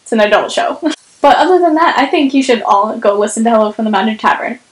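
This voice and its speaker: A woman's voice: fairly high pitch, animated, fast talker. Giggly chatty young woman in an echoey room. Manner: giggly, chatty, lots of fillers and restarts. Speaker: book vlogger. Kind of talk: casual review vlog and bloopers.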